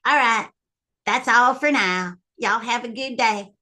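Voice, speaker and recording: A woman's voice: a little high, a little slow, bright, forceful tone. A woman telling a family story to her viewers in a casual, rambling way, full of ums and little laughs. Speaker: vlogger.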